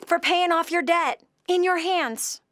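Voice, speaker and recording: Blunt, high, scolding woman advice host. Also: a little slow, no echo, studio quality. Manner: blunt, scolding, emphatic, swings from loud to hushed. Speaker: radio show host giving financial advice to a caller. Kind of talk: call-in advice show.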